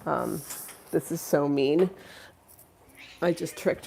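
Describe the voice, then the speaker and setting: A young woman with a low, gravelly voice chats casually to her livestream viewers. She rambles with lots of fillers and restarts, and her tone stays affectionate. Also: sing-song, a little slow, long pauses, dark tone. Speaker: livestream host.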